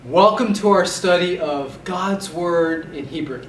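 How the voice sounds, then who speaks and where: Male Hebrew teacher, slow and deliberate, recorded off-mic in an echoey room. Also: high-pitched, far from the mic, slight background noise. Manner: slow, deliberate, spells out letters and syllables. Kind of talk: recorded vocabulary lesson.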